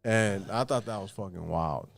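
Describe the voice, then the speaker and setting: A man's voice: lowish voice, moderate pace, vocal fry, dry recording. A man casually telling a personal story on a podcast, loose and profane, acting out what his relatives said.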